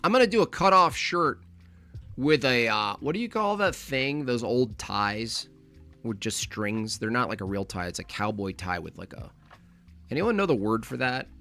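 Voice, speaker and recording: Animated, bright-voiced man hosting a livestream. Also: medium pitch, moderate pace, soft background music. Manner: animated, teasing, mock-scolding asides. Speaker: livestream host reading donations. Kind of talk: casual livestream chat.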